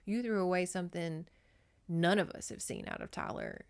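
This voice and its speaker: A woman's voice: lowish voice, huge pitch swings, normal speed, vocal fry, smooth, heavily acted. A woman voicing a frank female friend, talking bluntly and confidingly.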